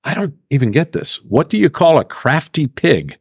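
A man's voice: on the high side, big pitch swings, normal speed, husky, no echo, studio quality. A man co-hosting a podcast, talking in loose, profane, joking banter. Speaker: podcast co-host. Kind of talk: casual chat. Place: studio of a flooring sponsor.

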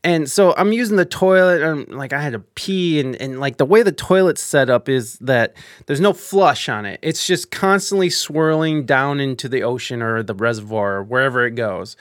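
A young man live streaming, telling a story in a casual, animated way with lots of swearing, fillers and restarts. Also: medium pitch, moderate pace, no echo, clean studio sound.

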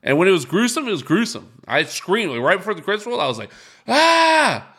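Brief: young male host, casual joking chat, crisp bright tone with gravel. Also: high voice, big pitch swings, very fast. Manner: laid-back, joking. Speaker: podcast host.

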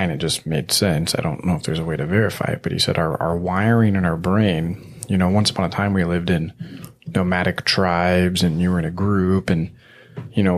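A very low-pitched man hosts a podcast in loose, rambling talk. He explains things at length and teases his guests, leaning on filler words as he goes. His voice sits well down in the bass. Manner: rambling, teasing, heavy "you know" fillers. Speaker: podcast host. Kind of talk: casual conversational explaining.

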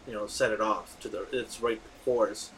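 A man hosting a casual movie chat, excitable and rambling, with lots of fillers and restarts. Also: lowish voice, normal speed, a little hiss or hum, low-quality recording. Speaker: podcast host.

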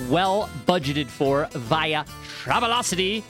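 A man co-hosting a podcast in casual banter, playful and exuberant, breaking into loud showman-style bursts. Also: on the high side, animated, normal speed, faint music behind. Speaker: podcast co-host.

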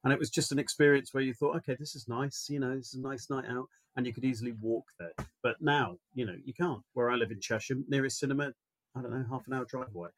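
A man's voice: mid-range voice, quick pace, slight background noise. A man co-hosting a casual podcast, teasing his co-host and giving wry opinions. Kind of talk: casual chat.

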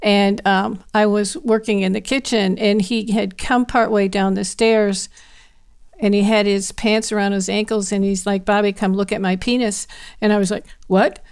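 A woman's voice: medium pitch, level tone, normal speed, darkish tone, clean tone. A woman co-hosting a podcast, talking earnestly about caregiving and laughing as she tells stories. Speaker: podcast co-host. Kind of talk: casual podcast conversation.

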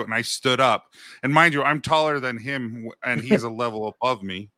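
A man's voice: mid-range voice, brisk, no echo, studio quality. A man co-hosting a podcast, telling anecdotes in casual chat and acting out the quotes of the people in them. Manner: animated anecdote teller, acts out quotes. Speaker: podcast co-host.

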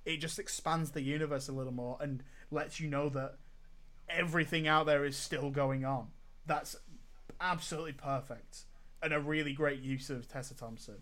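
Chatting casually about movies as a podcast co-host, a man sounds emphatic and eager, repeating words as he gets going. His voice is on the high side and fairly bright, steady in tone and at a normal speed.

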